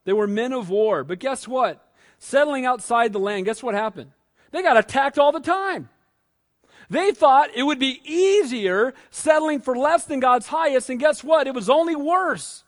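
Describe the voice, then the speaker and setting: A male pastor preaching a sermon in a lively, conversational way, often putting questions to his listeners. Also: very high-pitched, moderate pace.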